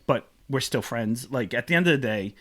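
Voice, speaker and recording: A man's voice: mid-range voice, fairly quick. A man co-hosting a podcast, telling stories in a casual chat and acting out quotes with big jumps in his voice. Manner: animated, acts out quotes with big voice jumps, laughs often. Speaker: podcast co-host.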